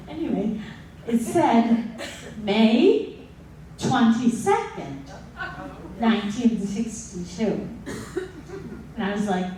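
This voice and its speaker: Woman, 60s, live storyteller; slightly high voice, unhurried comic delivery, distant miked in a reverberant room. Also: very animated, dark tone, slight background noise. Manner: slow, comic, with dramatic pauses. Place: stage at a live story slam. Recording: very echoey hall, distant mic.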